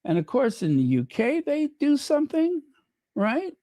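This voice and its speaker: A man's voice: very high-pitched, huge pitch swings, a little slow, warm tone, no room sound, studio quality. A man hosting his channel, chatting casually with ironic asides and frequent ums. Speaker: channel host. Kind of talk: casual commentary reading from the web.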